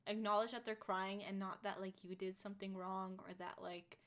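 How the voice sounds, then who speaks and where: A woman's voice: mid-range voice, level tone, normal speed, fairly bright tone. Rambling woman in her twenties. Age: 20s. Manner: rambling, lots of fillers. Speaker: podcast co-host. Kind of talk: casual chat.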